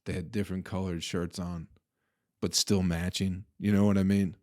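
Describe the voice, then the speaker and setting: Low-voiced man telling a profane story. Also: moderate pace. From Flint, Michigan. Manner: profane, laughing, animated retelling. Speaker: podcast host. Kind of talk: casual storytelling monologue.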